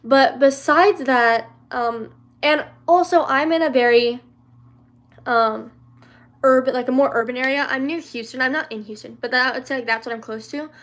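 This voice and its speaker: A woman's voice: high voice, normal speed. A young woman from the American South chatting casually on a livestream, answering viewer questions with lots of fillers, restarts and giggles. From Louisiana, raised in the American South.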